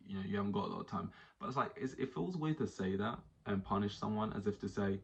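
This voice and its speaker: A man hosting a podcast in casual, animated talk, slipping into mock voices now and then. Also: lowish voice, fast, gravelly, hardly any pauses, muffled recording. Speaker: podcast host.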